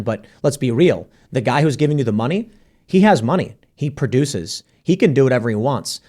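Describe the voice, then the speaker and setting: A man hosting a podcast panel, arguing his points in a casual debate with quick bursts. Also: medium pitch, a little mellow. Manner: argumentative, rapid bursts. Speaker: podcast host.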